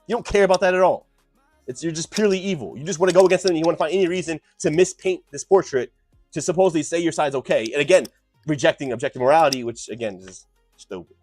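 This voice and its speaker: A man debating his chat on a live stream, lecturing and combative, swinging from loud outbursts to muttered asides. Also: on the high side, quick pace, soft background music.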